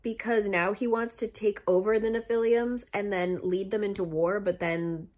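A young woman giving a casual, sarcastic book recap with a slightly hoarse voice, chatting and swearing as she goes. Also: medium pitch, steady tone, moderate pace, darkish tone. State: voice going hoarse. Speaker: book reviewer.

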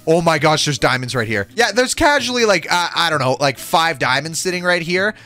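Young man, excitable gaming commentary, bright tone, very lively pitch. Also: fairly quick, faint music behind. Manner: excitable, giggly, exclamatory. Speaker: gaming video creator.

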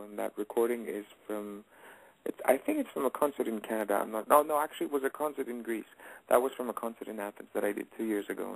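A man's voice: lowish voice, gravelly, no echo, low-quality recording. A man in his late twenties, a guest singer in a casual radio interview, talking hesitantly with many fillers and restarts.

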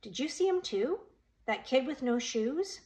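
A woman's voice: high-pitched, lively intonation, a little slow, darkish tone. A woman voicing a nervous middle-school boy who sounds anxious and hesitant.

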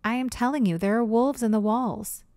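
Stubborn young girl, high and insistent, read by a woman, dry close sound. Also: normal speed, a little mellow, no room sound, natural voice.

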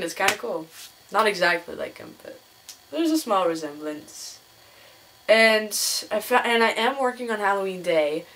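A young woman vlogging casually to her camera, chatty and laughing often as she tells stories. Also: fairly bright tone. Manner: chatty, laughs often, mimics others in a higher voice. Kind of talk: casual chat.

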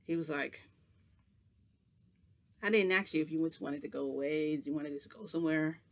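A man's voice: fairly high pitch, normal speed. A man chatting to camera as a vlogger, telling a long rambling story full of "like" in a casual, chatty way.

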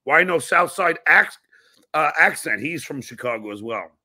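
A man's voice: fairly high pitch, animated, normal speed, sharp tone, breathy edge. A man with a New York accent hosting a podcast, talking loosely and reading out viewer messages. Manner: loose, rambling, reads out fan messages. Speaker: podcast host. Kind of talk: casual podcast conversation.

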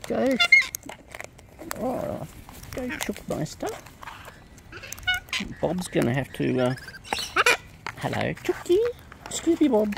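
Woman, bird keeper, slow unhurried baby talk to pets, fry in the voice, heavy background noise. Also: mid-range voice, huge pitch swings. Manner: cooing, sing-song baby talk to birds. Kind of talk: casual talk to pet birds. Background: birds squawking and honking.

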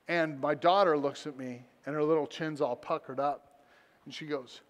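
A man's voice: fairly high pitch, steady tone, normal speed. A man preaching a sermon as pastor, telling a personal story with self-deprecating humor. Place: church sanctuary. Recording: long church reverb.

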